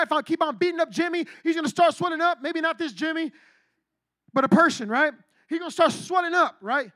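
Very high-voiced, bright, animated male preacher. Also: dry recording. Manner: animated, slangy, acts out quoted reactions. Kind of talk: energetic youth sermon.

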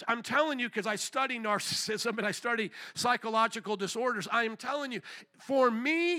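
A male pastor delivers a sermon with a high, ringing voice and a bright, forceful edge. He speaks bluntly and with emphasis, driving his points home by repeating phrases.

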